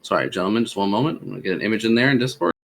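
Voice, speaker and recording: A man narrating as game master of a tabletop game, pausing often with fillers. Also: on the low side, expressive, creaky. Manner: halting, many fillers.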